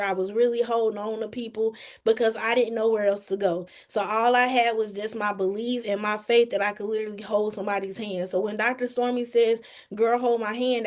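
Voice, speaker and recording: A woman giving an earnest, emphatic testimony on a group call, talking straight to her listeners. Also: on the high side. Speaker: team member giving a testimony. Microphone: phone or video call.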